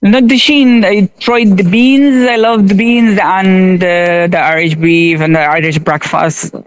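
A man talks in a casual radio chat, his voice a bit high and notably smooth and clear. He gropes for words, fills gaps with "like" and "uh," and laughs readily. The sound is dull and lo-fi, as off a broadcast. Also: fairly even intonation, measured pace, no echo. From Pakistan. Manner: hesitant, searching for words with many fillers, laughs easily. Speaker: railway station shop worker interviewed as guest.

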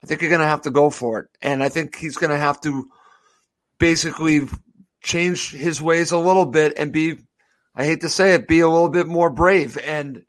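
Slightly high-voiced man hosting football chat. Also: moderate pace. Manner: asks questions, brief agreements. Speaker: podcast host. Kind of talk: casual chat.

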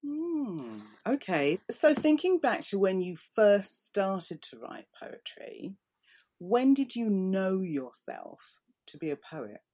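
A woman's voice: mid-range voice, sing-song, slow pace, warm tone, slightly rough. A woman interviewing a poet, asking curious, probing questions.

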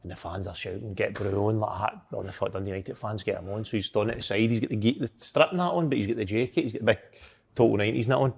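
A man's voice: lowish voice, racing, vocal fry, husky. Scottish man telling a rambling story. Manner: rambling storyteller, laughs through tales. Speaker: former footballer, panel guest. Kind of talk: casual anecdote.

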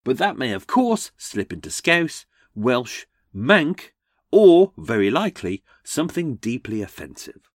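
A man's voice: mid-range voice, big pitch swings, measured pace, no room sound, clean studio sound. A man hosting a comedic true-crime podcast, sardonic with jokey asides. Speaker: podcast host.

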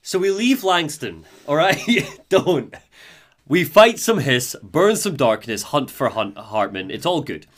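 Podcast host, male, enthusiastic lore recap, animated intonation. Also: a little high, measured pace. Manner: enthusiastic, laughs easily. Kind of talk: casual chat, game lore recap.

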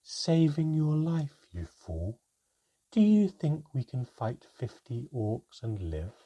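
A man's voice: medium pitch, big pitch swings, slow pace, warm tone, muffled recording, voice pushed up, exaggerated voice. A man voicing a melodic hooded woman. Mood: scornful.

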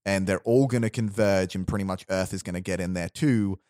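Man, low voice, dry close sound, rambling storyteller among friends. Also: brisk, darkish tone, dry recording. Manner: rambling, restarts, quotes characters in low voice. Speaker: storyteller pitching a movie plot. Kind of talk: casual chat.

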